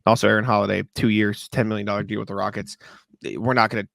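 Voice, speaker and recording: A man's voice: fairly low pitch, level tone, quick pace, gravelly, fairly bright tone, no room sound. A man co-hosting a podcast in casual chat, rambling and laughing at his own mishaps. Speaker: podcast co-host.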